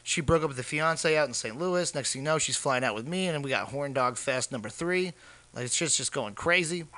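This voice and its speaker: A man telling crude, animated comic stories on a podcast. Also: mid-range voice, brisk, no echo. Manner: brash, profane, animated. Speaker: podcast co-host, comedian. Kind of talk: crude comedic storytelling.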